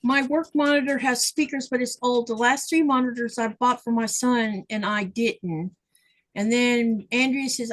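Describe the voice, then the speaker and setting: Chatty higher-voiced woman livestreaming. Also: fairly even intonation, measured pace, poor audio. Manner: chatty, reads viewer comments aloud. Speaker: livestream host. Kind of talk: casual chat while sewing.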